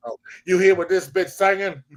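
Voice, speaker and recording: A man chatting casually on a live talk show, telling animated stories and swearing freely. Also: high-pitched, normal speed, poor audio. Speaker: panelist. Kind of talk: casual chat.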